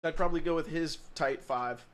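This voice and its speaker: A man's voice: on the high side, fairly quick. A man streaming live, chatting casually, poking fun at himself and answering his chat. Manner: joking, self-mocking, reacts to chat.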